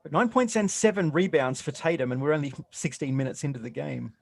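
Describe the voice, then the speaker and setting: A man giving relaxed color commentary on a basketball game, explaining plays and often restarting his sentences. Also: fairly high pitch, a little fast, creaky, no room sound. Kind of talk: casual game analysis.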